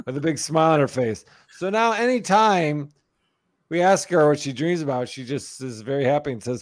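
A man's voice: mid-range voice, quick pace. A man in his thirties telling funny stories about his toddler in a casual chat. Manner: animated storyteller, mimics a toddler's voice in quotes.

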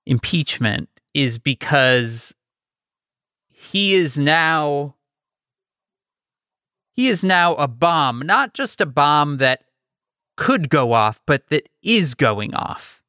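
A man in loose conversation, his voice bright and lively as it swings up and down in pitch. He swears freely and mocks, recorded close and dry with no room sound. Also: slow pace, long pauses, clear, resonant tone, dry recording. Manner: animated, profane, mocking impressions. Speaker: podcast co-host. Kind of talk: casual political chat.

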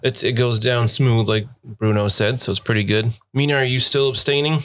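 A man's voice: mid-range voice, steady tone, moderate pace, a bit bright. A man narrating a tabletop game as game master in an easygoing, chatty way.

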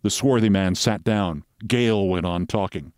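A man hosting, giving a measured, wry reading of a short crime story aloud. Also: sits low, a little mellow, clean tone, no room sound, studio quality.

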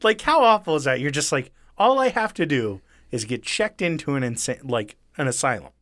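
A man's voice: mid-range voice, big pitch swings, a little fast, a bit bright, dry recording. Casual, profane male storyteller. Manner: casual and profane, acting out quoted lines. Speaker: podcast co-host retelling a true story.

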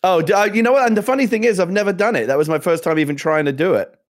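A man co-hosting a casual show with quick, self-deprecating banter. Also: high-pitched. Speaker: co-host. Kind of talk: casual chat.

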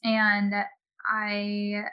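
A woman guest, a health and wellness expert, in casual chat, talking in a chatty, animated way and laughing often. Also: medium pitch, extremely slow, dull audio.

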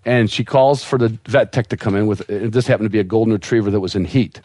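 A man telling a long story on a podcast in an animated, laughing way, as a guest who breeds dogs. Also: fairly low pitch, fast, no echo.

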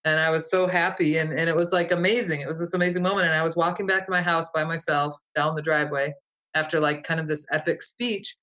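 A woman's voice: deep voice, steady tone, fast, a bit bright, poor audio. A woman recounting a vivid dream to an interviewer in a casual, rambling way, full of fillers and restarts. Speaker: guest. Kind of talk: casual storytelling.

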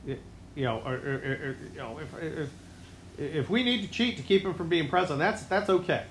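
A man hosting his own show, delivering a rambling, sarcastic political monologue that swings between loud outbursts and low mutters. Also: a little fast, reverberant, a little hiss or hum. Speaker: podcast host.

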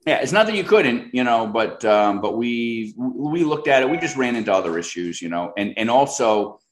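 A man's voice: mid-range voice, sing-song, moderate pace, roomy sound, slight background noise. A man speaking as the guest in a casual interview, rambling with lots of fillers and restarts. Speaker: guest product expert.

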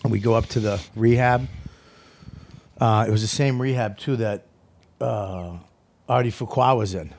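A man trading stories and jabs in loose, profane podcast banter. He tells his tales animatedly, dropping into quick impressions of the people in them. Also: on the low side, a little mellow. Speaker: comedian podcast co-host. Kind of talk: casual banter and storytelling.

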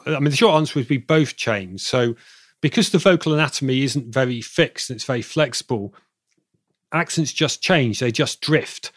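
A man's voice: mid-range voice, animated, normal speed, no room sound, studio quality. Southern English man explaining at length. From Bristol, England. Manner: rambling, self-correcting explainer. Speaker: expert guest. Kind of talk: explanatory interview answers.

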